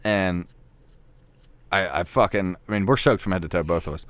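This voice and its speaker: A man telling a hunting story in casual podcast chat, swearing freely and getting animated as he talks. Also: deep voice, moderate pace, no echo. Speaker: podcast co-host.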